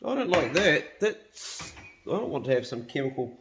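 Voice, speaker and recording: A man's voice: on the high side, big pitch swings, normal speed, background noise. A New man in his fifties chatting casually to camera in his home kitchen, blunt, swearing freely and laughing easily. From New Zealand. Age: 50s. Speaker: hunting and cooking vlogger.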